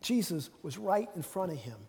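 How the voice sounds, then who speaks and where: High-voiced preacher in a reverberant hall. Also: male voice, sing-song, normal speed, a little mellow, slightly rough. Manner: conversational, repeats phrases, acts out quotes. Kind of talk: sermon.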